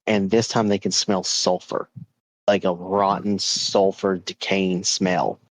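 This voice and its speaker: Low-voiced man telling a ghost story. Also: little pitch movement, slow, low-quality recording. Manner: rambling, with many repeats and fillers. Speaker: podcast host.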